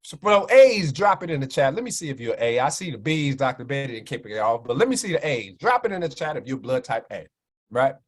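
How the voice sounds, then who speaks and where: Brisk and medium-pitched, this animated Chicago minister and wellness speaker delivers a preachy health talk to his livestream's live chat, repeatedly seeking agreement with "right?"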